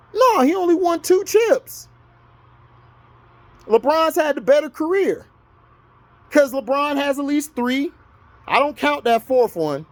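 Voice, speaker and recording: A man's voice: very high voice, no room sound. A man from Florida in the US, ranting heatedly about sports to his viewers, argumentative and scolding. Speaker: vlogger. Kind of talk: sports rant to camera.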